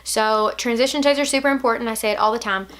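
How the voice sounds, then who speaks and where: A young woman from Alabama with a Southern accent, chatting casually through a makeup tutorial, playful and drifting into soft asides. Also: a little high, fairly even intonation, fast talker. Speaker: beauty vlogger.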